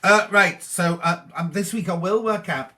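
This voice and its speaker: A cheery middle-aged man chats casually on a live stream, reading out viewers' messages and answering each one. His voice sits a little high for a man and sounds bright and forward. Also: moderate pace. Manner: chatty, cheery, reads comments aloud and chats back to them.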